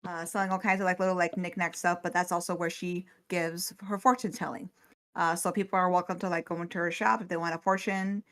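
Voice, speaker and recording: A woman's voice: lowish voice, little pitch movement, quick pace, a bit bright. A woman tabletop game player describing her character, with lots of fillers. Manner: many fillers, laughing asides.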